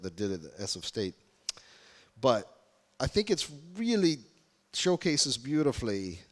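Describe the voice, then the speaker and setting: A man giving a UX workshop talk to a live audience, engaging them with questions. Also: medium pitch. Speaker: UX workshop speaker. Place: conference room. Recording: reverberant conference hall.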